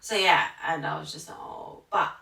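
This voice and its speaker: Low, gravelly woman telling stories. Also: steady tone, brisk, bright, forceful tone. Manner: chatty storytelling, acting out what others said. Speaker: podcast co-host and primary school teacher. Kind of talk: casual podcast chat. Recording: echoey room, far from the mic.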